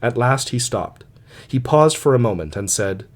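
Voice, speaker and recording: A man narrating a classic short story in a measured, dramatic way. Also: mid-range voice, lively intonation. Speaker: audiobook reader.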